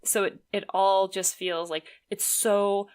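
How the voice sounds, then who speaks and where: A woman's voice: medium pitch, little pitch movement, a little slow, darkish tone, clean tone. A woman co-hosting a podcast in casual chat, candid and chatty, laughing easily and a little tipsy. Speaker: podcast co-host.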